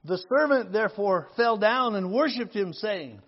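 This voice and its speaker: A man preaching a sermon, reading scripture slowly and rising to loud, emphatic appeals to the congregation. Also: high-pitched, animated, long reverb tail, highs cut off.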